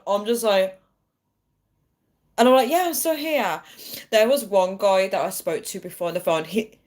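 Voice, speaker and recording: Chatty woman on a phone livestream. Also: lowish voice. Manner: chatty, keeps addressing viewers as guys, laughs often. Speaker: livestream host. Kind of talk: casual livestream chat.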